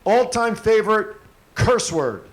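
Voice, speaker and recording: A man's voice: high voice, very animated, slow pace. A man hosting a casual live stream, asking long, jokey questions. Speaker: host.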